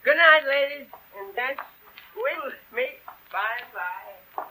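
An actor playing a tipsy, jovial middle-aged uncle who makes grand, slurring speeches in a 1940s radio play. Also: male voice, very high voice, animated, slow, sharp tone, a little hiss or hum, exaggerated voice, low-quality recording. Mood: woozy sentimental.

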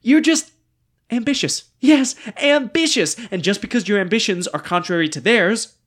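A man's voice: sits high, expressive, normal speed, a bit bright. Man playing a melodramatic ghostly dictator. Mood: brooding. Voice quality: theatrical, swinging between whimpers and outbursts. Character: ghostly male dictator with a bullet wound, needy and melodramatic. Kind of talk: script reading of a stage play.

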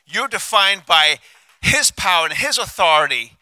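A male pastor preaching a sermon on a handheld mic, passionate, swinging from hushed, intimate lines to loud declarations. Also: high-pitched, big pitch swings, normal speed, no room sound.

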